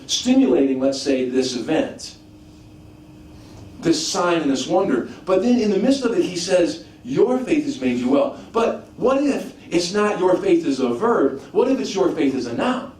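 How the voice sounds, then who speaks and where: A man preaching a teaching sermon, animated, asking rhetorical questions and often restarting his sentences. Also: sits high, normal speed. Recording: echoey room, mic at a distance, faint background noise.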